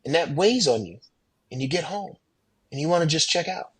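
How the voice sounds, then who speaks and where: A man with a husky, slightly breathy voice tells stories from his flying career on a podcast. He talks animatedly, swinging his pitch up and down to play the people he quotes. The sound is close and dry. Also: lively intonation, fairly quick, a bit bright, no echo. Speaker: airline pilot, podcast guest. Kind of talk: casual storytelling in a podcast interview.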